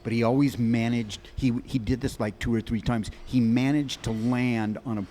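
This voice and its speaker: A man in his sixties, a musician guest on a podcast, telling long anecdotes in quick animated bursts with many restarts. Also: medium pitch, slight background noise. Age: 60s. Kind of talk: rambling storytelling in an interview.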